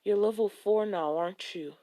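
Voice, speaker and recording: A man's voice: high voice, moderate pace, dark tone, dry recording, voice pushed up, natural voice. Scornful young swordsman, scolding tone, fan story voice, put on by a male narrator. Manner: contemptuous, scolding.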